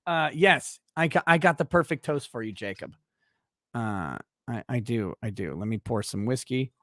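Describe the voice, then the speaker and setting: A man's voice: medium pitch, sing-song, normal speed, a bit bright, dry recording, clean studio sound. A man hosting a livestream, casually reading viewer comments aloud with wry asides. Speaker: host.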